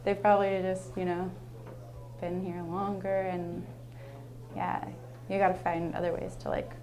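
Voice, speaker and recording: A woman's voice: lowish voice, level tone, unhurried, mellow. A young adult woman, a teacher, telling a personal story in a casual, rambling way, full of "like" and earnest asides. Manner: rambling, heavy use of "like", earnest.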